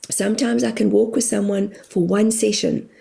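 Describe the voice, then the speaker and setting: A woman with a husky, gravelly voice and a warm, mellow tone speaks as a podcast guest. She tells heartfelt personal stories openly, close to tears and laughing through them. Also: medium pitch, fairly even intonation, moderate pace. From immigrated to New Zealand. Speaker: guest, spiritual medium and therapist. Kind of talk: emotional personal storytelling.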